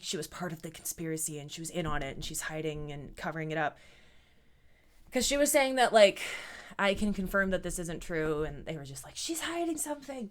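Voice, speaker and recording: A woman's voice: on the low side, smooth. A young woman giving a blunt, sarcastic commentary, peppered with swearing and "like" fillers. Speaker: YouTuber. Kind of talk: casual commentary vlog.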